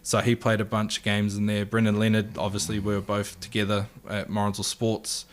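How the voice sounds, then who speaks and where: A man in his thirties speaks with a New Zealand accent and a fairly low voice. He is a guest telling a story in casual conversation. He brings the anecdote to life by acting out what people said. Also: brisk. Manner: animated anecdote-telling, acts out quotes.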